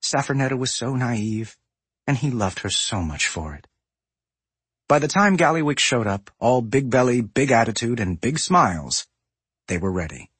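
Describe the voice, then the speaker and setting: Male audiobook narrator, lively expressive pitch, husky breathy tone, dry close sound. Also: normal speed, no room sound. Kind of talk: scripted narration.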